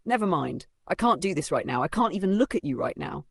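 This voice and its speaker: A man's voice: sits high, sing-song, a little fast, creaky, husky, dry recording, clean studio sound, exaggerated voice. A man voicing a frightened young woman who speaks in a tense, guarded way in a narrated story.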